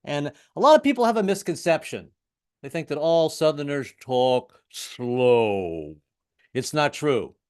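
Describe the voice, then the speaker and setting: This stand-up comedian, a man in his fifties, speaks at a normal pace in a slightly high, sing-song voice. His self-mocking set, delivered by video call, mixes wry punchlines with stammered false starts, and he's from the US, having lived in several regions including the South.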